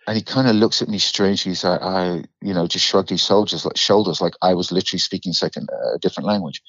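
A man's voice: low-pitched, quick pace, few pauses, no echo, muffled recording. A man from England with a London accent, a guest actor telling stories in a casual podcast interview, swearing freely and acting out quotes. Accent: London English. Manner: animated storyteller, swears freely, acts out quotes.

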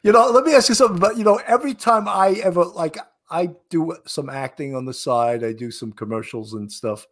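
A man with a New York accent chats as co-host, joking and telling stories in a slightly higher voice. His talk is loose and casual. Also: brisk, hardly any pauses. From Long Island, New York. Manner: chatty, jokey storyteller. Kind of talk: casual chat.

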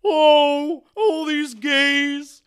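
Guy doing a campy high diva voice, mocking, drawls it out loud. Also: fairly even intonation, extremely slow, exaggerated voice. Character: exaggerated homophobic female diva impression.

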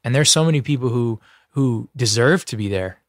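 Earnest male actor guest, heartfelt, halting, dry studio mic. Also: mid-range voice, dry recording. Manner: earnest, heartfelt, full of restarts and "you know". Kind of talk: casual interview talk.

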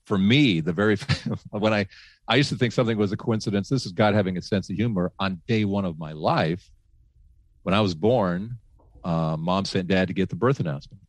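Former radio man as podcast guest, low voice, animated storyteller, dry close sound. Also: fairly quick, no room sound. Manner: animated, laughing, frequent restarts. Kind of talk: casual faith storytelling.

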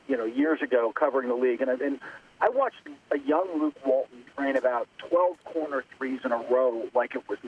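A man calling in as a guest basketball writer, talking in an animated way with quick restarts. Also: on the high side, slight background noise. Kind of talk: phone-in interview. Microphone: phone. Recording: tinny phone line.

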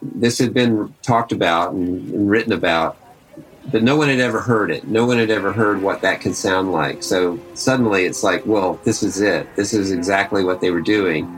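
A man giving relaxed, conversational commentary on archival recordings of old songs. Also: low voice, normal speed, poor audio. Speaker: archival music presenter. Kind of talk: casual spoken commentary between archival song clips.

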